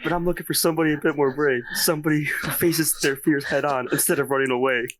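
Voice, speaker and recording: Guy reading a snooty entertainer dude calling it off, flat line reads, kinda high voice. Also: fast talker, close to an everyday voice. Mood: dismissive. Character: aloof male entertainer dumping his partner. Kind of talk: amateur script read-through.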